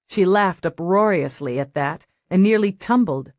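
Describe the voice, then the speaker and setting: A woman narrating a crime audiobook in a steady, measured storytelling voice on a close mic. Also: on the low side, no echo. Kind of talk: scripted narration.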